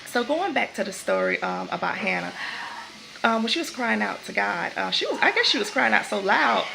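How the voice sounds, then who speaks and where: Gravelly woman talking about faith. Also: a little high, wildly swooping pitch, moderate pace, low-quality recording. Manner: conversational, repeats and restarts phrases. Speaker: vlogger giving a faith talk. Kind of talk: casual spoken devotional.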